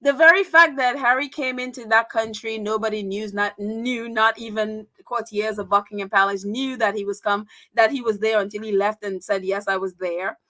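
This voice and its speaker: A woman's voice: a little high, steady tone, moderate pace, few pauses, bright, forceful tone. A woman hosting a casual livestream, chatty, with frequent laughter and filler words. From United States. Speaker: livestream host.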